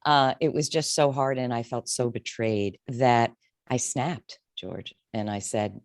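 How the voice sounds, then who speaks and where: A woman's voice: slow, darkish tone, dry recording, clean studio sound. A woman in her fifties, a career coach telling her story candidly and emotionally in an interview. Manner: candid, emotional, wide swings in pitch.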